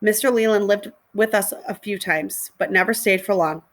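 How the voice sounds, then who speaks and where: A woman, a middle school teacher, reading a children's novel aloud to her students in a steady, clear storytelling voice. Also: mid-range voice, moderate pace.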